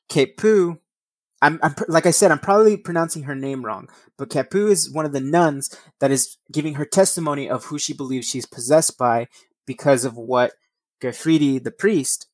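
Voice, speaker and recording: Reading passages on his casual podcast, this host keeps veering into meandering, foul-mouthed tangents. He has a mid-range voice, recorded dry.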